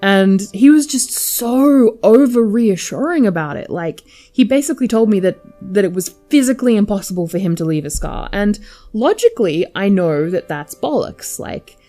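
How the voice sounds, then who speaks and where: A woman's voice: medium pitch, animated, moderate pace, warm tone, faint music behind. A young adult woman telling a personal story to camera, candid and chatty with lots of filler words. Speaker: vlogger.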